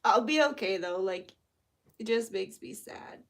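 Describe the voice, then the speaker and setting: A woman's voice: mid-range voice, animated, measured pace, fairly bright tone. A young woman vlogging casually as she lights candles for a spell, chatty and swearing freely, sometimes dropping to a whisper. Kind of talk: casual chat.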